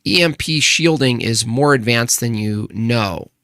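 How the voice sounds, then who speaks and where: A man hosts a casual live stream, arguing with chat and firing off pointed rhetorical questions, often restarting. His medium-pitched voice is a little slow, sharp, clear, and resonant. The recording is dry with clean studio sound.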